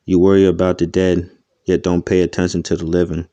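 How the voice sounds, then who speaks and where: A domineering, scheming young woman who gives orders in a smug, level way, as a man with a low, dark voice reads her lines. The delivery stays flat and even, and the recording is close and dry. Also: a little fast, no room sound, muffled recording.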